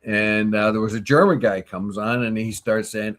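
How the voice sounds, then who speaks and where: A man co-hosting a morning talk show, telling stories and giving opinions in a casual, animated way. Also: on the low side, moderate pace, few pauses. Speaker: co-host. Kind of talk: casual chat.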